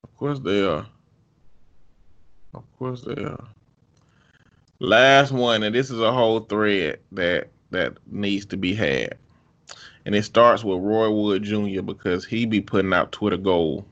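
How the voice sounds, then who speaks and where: Bright-voiced man reading posts aloud. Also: fairly low pitch, unhurried, long pauses, dull audio. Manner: relaxed, profane, reads posts aloud with dry comic timing. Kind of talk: casual chat.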